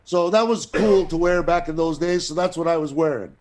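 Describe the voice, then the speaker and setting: An older man, an actor and guest, telling a long anecdote in a casual, profane, animated way. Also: on the high side, fairly quick. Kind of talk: casual storytelling.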